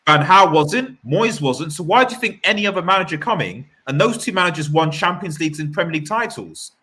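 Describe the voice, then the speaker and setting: Bright-voiced male stream host. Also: a little high, brisk. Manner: animated, rambling with restarts. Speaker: fan channel host. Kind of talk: live-stream football chat.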